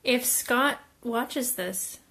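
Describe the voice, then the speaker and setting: A woman's voice: fairly high pitch, very slow, gravelly, bright, forceful tone. A woman off camera reading out viewer comments in short remarks. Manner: brief, relays comments.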